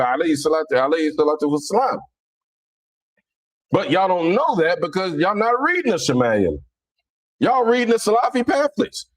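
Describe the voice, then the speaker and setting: A man from Cincinnati with a Southern-leaning accent, talking in a casual, animated monologue full of stammered restarts. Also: a little high. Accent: Cincinnati, Southern-leaning American. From Cincinnati, Ohio, USA. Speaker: Islamic commentator.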